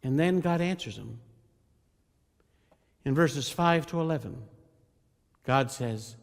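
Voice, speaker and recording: A male pastor delivers a sermon with earnest emphasis, speaking to his congregation directly. His voice sits somewhat high for a man. It rings with a long reverb through the church sanctuary. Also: expressive, slow, creaky, long pauses.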